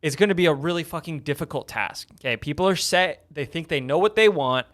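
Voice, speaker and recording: Young dude cohosting a podcast, hyped and emphatic, keeps saying okay, kinda high voice. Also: male voice, a little fast. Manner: energetic, emphatic, peppers talk with "okay?". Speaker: podcast co-host. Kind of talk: casual business podcast chat.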